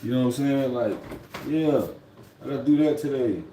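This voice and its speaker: A man's voice: mid-range voice, moderate pace, roomy sound, heavy background noise. A man who drives trucks talks casually on a home livestream, rambling and reflective, often repeating "you know what I mean.". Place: at home, indoors.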